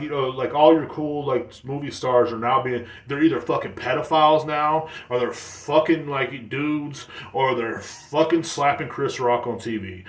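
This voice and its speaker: A man's voice: mid-range voice, fairly bright tone. A man hosting his own podcast, ranting casually with lots of swearing and "like" fillers. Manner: profane, rambling, heavy on "like" fillers. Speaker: podcast host. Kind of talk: casual solo podcast rant. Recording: echoey room.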